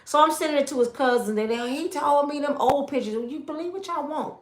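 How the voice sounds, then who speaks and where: A woman's voice: high voice, brisk, echoey room. A middle-aged woman from Michigan telling an emotional personal testimony, emphatic and full of quoted dialogue. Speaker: testimony speaker.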